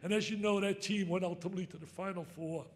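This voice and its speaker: An older man telling stories in an excitable, emphatic speech, breaking into shouts. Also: sits high, fast talker. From New Jersey. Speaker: sportscaster giving an induction speech. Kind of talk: storytelling speech.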